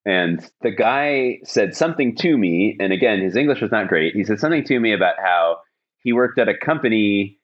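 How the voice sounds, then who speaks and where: A very low-pitched man spins a long, rambling story on a podcast, full of "um"s, "like"s and false starts. The sound is a little dull and lo-fi, and the mood stays casual and chatty. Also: expressive, normal speed. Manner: rambling anecdotal telling with many fillers and restarts. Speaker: podcast host.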